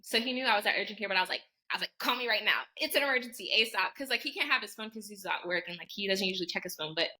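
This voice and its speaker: Fast-talking bright young woman storyteller. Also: medium pitch, poor audio. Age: 20s. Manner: animated, heavy use of "like", acts out quoted voices. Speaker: podcast guest. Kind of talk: casual storytelling chat.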